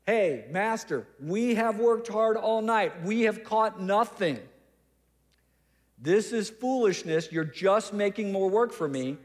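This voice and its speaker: A man voicing a tired, exasperated male fisherman who loudly protests to the crowd. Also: high voice, normal speed, close to an everyday voice. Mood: protesting. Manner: loud, defensive, playing to the crowd.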